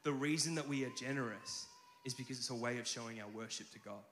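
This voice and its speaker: Male pastor, sermon delivery, bright voice, chatty animated storyteller, echoey hall. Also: medium pitch, quick pace. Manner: conversational, animated storytelling with filler restarts.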